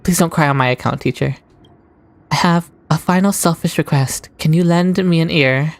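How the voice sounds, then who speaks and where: A woman reading aloud the lines of a calm, resolute dying woman from a game, in a steady, low voice. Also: moderate pace, no room sound. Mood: solemn.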